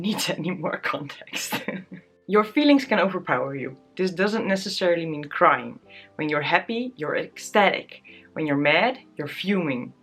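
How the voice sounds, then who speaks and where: A young woman talking candidly to camera in a casual vlog, tearful and laughing at herself. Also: fairly low pitch. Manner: candid, self-deprecating, often laughing. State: tearful, close to crying. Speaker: vlogger.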